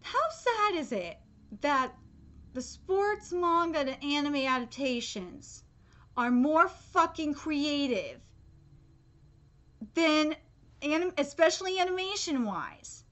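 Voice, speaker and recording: A woman with a high, bright voice that jumps all over the place, ranting live about an anime. She sounds exasperated and swears freely, restarting her sentences and filling gaps with ums and uhs. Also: very animated, slow pace, long pauses. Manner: exasperated, profane, emphatic, frequent fillers and restarts. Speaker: anime reaction streamer. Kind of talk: live reaction rant.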